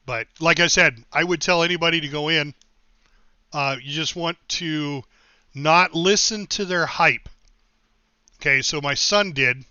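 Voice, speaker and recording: Bright-voiced middle-aged man, rambling stories. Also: on the high side, measured pace, pauses often, clear, resonant tone, no room sound, lo-fi sound. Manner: rambling anecdotes, chuckles, thanks followers. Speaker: game streamer. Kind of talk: casual storytelling while livestreaming.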